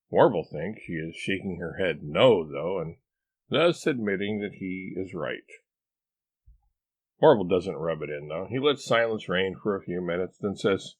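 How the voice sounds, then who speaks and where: A man's voice: deep voice, lively intonation, moderate pace. A man reading a comic story aloud as narrator in a wry, plain manner.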